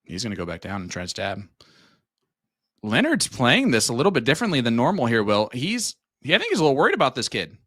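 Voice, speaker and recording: A man commentating a live darts match, calling the play and reading viewer shout-outs in a friendly way. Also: mid-range voice, wildly swooping pitch, quick pace, dry recording, clean studio sound.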